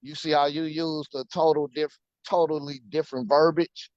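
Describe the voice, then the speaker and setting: A man's voice: fairly high pitch, level tone, normal speed, a little mellow, dry recording, dull audio. A man co-hosting a casual talk show, speaking emphatically and repeating words for stress. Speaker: podcast co-host. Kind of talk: casual conversation.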